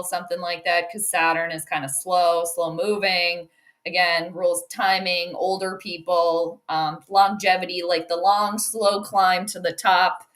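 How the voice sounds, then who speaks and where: A woman's voice: fairly low pitch, fairly even intonation, measured pace, bright, forceful tone. A woman hosting a casual sports astrology talk, rambling with many "um"s and "like"s. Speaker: host.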